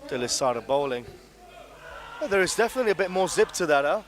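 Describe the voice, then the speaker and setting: A man's voice: on the high side, lively intonation, quick pace, a little hiss or hum. Upbeat male cricket co-commentator. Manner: questioning, enthusiastic co-commentary. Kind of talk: live sports commentary.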